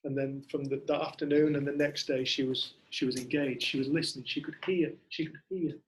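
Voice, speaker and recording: A man's voice: on the high side, fairly even intonation, brisk, low-quality recording. A man, leading a community group in casual storytelling talk and animatedly acting out what other people say. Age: 40s.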